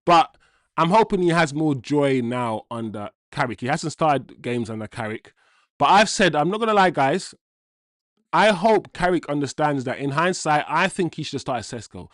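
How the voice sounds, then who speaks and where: A man's voice: a little high, animated, moderate pace, a bit bright, no room sound, studio quality. Slangy guy hosting a football stream. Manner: casual, slangy, reads out chat comments. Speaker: host. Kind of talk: live football watchalong chat.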